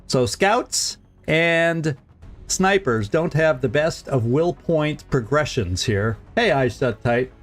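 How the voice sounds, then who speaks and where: A man's voice: fairly high pitch, animated, slow, soft background music. A man streaming a strategy game, talking casually to his viewers, often chuckling and repeating words as he thinks aloud. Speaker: gaming streamer. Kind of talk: casual let's-play commentary.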